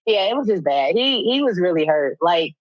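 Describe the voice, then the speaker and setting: A woman co-hosting a podcast tells a story in a loose, casual chat. She is animated and profane and breaks into laughter often. The sound is dull and lo-fi, with a dry, close feel. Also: fairly low pitch, normal speed, no echo. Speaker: podcast co-host.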